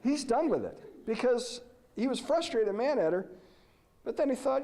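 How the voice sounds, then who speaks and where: A middle-aged man giving a presentation, telling animated stories and posing questions to the audience. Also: extremely high pitch, normal speed. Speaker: lecturer. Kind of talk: conference presentation.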